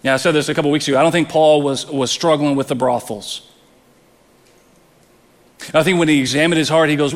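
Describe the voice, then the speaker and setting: A man's voice: a little high, moderate pace. Male pastor preaching in a reverberant hall. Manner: earnest, repeats words when stressing a point. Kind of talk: sermon.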